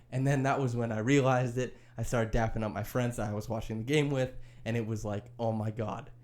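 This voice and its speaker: Animated man recapping a game. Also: mid-range voice. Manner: animated, opinionated play-by-play retelling. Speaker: podcast host. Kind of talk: casual sports podcast recap.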